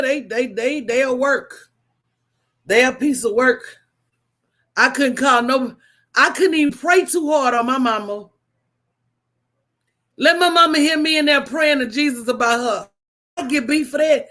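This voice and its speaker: A woman hosting a casual livestream, telling stories in an animated, preachy way with call-and-response asides to her viewers. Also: high-pitched, unhurried, pauses often. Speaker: host.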